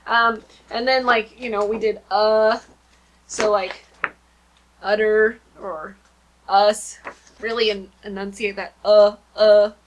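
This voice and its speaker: A woman's voice: mid-range voice, little pitch movement, slow pace. A woman in her thirties, a homeschooling mom, chatting casually and rambling with many fillers about her kindergarten lessons at home. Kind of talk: casual vlog chat.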